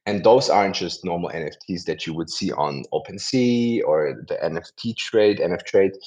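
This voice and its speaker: A man's voice: low-pitched, normal speed, darkish tone. A man hosting a community talk event, chatty and rambling, often correcting himself mid-sentence. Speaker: host of a community audio event. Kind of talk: casual chat and introduction.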